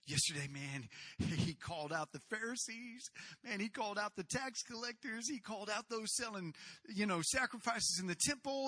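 A male pastor preaching with a high, very bright voice. He tells the story casually and animatedly, with asides to the congregation and sudden shouted outbursts. The sound is close and dry. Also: animated, measured pace, no room sound. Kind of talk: sermon.

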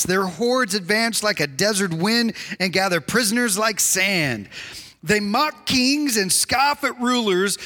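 High, bright-voiced preacher in a hall. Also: male voice. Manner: animated, acts out quoted voices. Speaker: pastor. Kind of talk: sermon. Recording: reverberant hall.

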